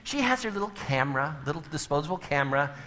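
A man's voice: fairly high pitch, sing-song, fast, bright, forceful tone, slight background noise. A middle-aged man speaking to a live audience, telling humorous family stories and acting out the scenes with big swings in his voice.

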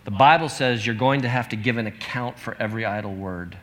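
A man's voice: fairly low pitch, fairly quick, fairly bright tone. A pastor in his fifties gives an earnest, conversational sermon, reading out scripture as he goes.

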